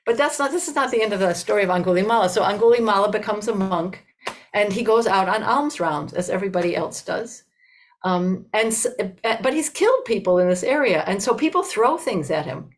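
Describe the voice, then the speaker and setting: A woman's voice: medium pitch, lively intonation, low-quality recording. Older woman telling a dharma story. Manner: unhurried, conversational, frequent "you know" and restarts. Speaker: Buddhist dharma teacher.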